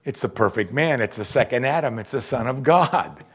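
A man preaching a sermon, teaching through a Bible passage with lively asides and questions to the audience. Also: medium pitch, moderate pace, slightly rough.

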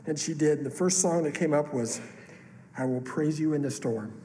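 Guy preaching, kinda high voice, echoing big hall, faint room hum. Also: normal speed. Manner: earnest, emotional testimony with rising outbursts. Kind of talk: sermon storytelling. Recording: long hall reverb, faint room ambience.

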